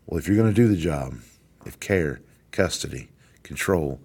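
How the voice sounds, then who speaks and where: A man's voice: rumbling low, expressive, moderate pace, darkish tone, husky. A middle-aged man, hosting a podcast and giving an emphatic motivational talk that repeats its key phrases. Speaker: podcast host, corrections warden.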